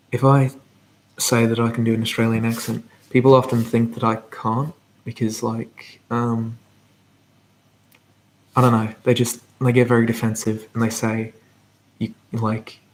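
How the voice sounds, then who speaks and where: A man hosting a live whispered ASMR Q&A, talking softly and rambling as he reads out viewer comments. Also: medium pitch, slight background noise. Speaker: ASMR channel host.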